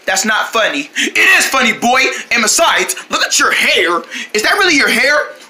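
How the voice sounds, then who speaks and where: Brief: bright, lively young-sounding voice switching between bickering cartoon kids. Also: mid-range voice, normal speed, slight background noise. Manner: squabbling, playground taunts and pleading.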